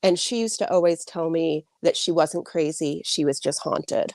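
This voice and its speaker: A woman's voice: low voice, fairly even intonation, moderate pace, gravelly, darkish tone, no room sound, clean studio sound. A woman author answering interview questions in a chatty way, full of likes and restarts, over a video call. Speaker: author guest.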